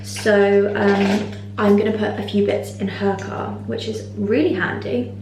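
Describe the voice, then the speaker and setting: A young woman in her twenties chatting casually to camera in a vlog, excitable and full of fillers. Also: medium pitch, measured pace. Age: 20s. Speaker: vlogger. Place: indoors, mostly empty new flat. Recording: echoey room, faint background noise.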